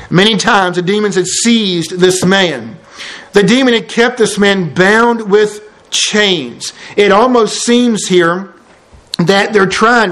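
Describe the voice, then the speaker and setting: A man's voice: high voice, a bit bright. A man preaching an expository sermon, emphatic and repeating key phrases for effect.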